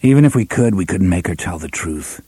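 A terse young gunslinger speaks in short, firm lines, voiced by a man reading an audiobook. The voice is husky and mellow, with lively rises and falls. It sounds close and dry. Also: sits low, brisk, no echo, voice pushed down. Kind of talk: audiobook character voice.

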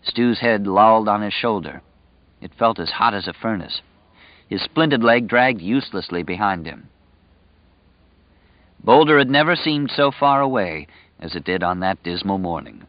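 Low-voiced male audiobook narrator. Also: animated, normal speed, pauses often, dry recording. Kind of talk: scripted narration. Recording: dull lo-fi dry recording.

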